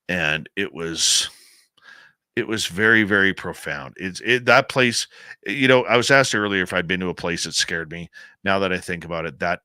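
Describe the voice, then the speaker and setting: A man's voice: low-pitched, bright, forceful tone, no room sound. A Canadian man hosting a late-night radio talk show, chatty and enthusiastic, rambling as he tells stories and answers audience questions.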